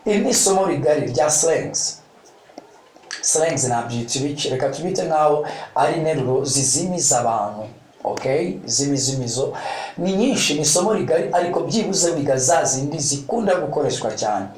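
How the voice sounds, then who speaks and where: Guy teaching english, fairly high voice, kinda far off the mic in an echoey room. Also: animated, brisk, a little mellow, a little hiss or hum. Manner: repeats points in two languages, asks "okay?" often. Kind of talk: bilingual language lesson.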